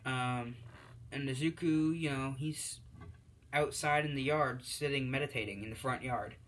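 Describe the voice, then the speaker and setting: A man's voice: medium pitch, unhurried, fairly bright tone, low-quality recording. A man casually narrating a fan story off the cuff, rambling and correcting himself, with lots of fillers.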